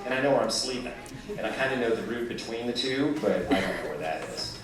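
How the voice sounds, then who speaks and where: A man's voice: mid-range voice, lively intonation, over music. Joking man in an echoey crowded hall. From California-born, raised in North Georgia. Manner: joking, quick-witted, teasing the audience. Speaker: guest answering audience questions. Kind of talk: live audience Q&A. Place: large echoey venue with a live audience. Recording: echoey hall, distant mic, loud crowd.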